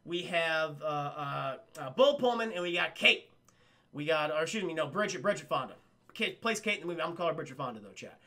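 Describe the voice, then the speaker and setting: A man casually retelling a film's plot to his live chat, swearing a lot, acting out lines and laughing loudly. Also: fairly high pitch, lively intonation, fairly quick. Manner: profane, rambling, acts out lines and laughs loudly. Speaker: streamer reviewing a film for his chat.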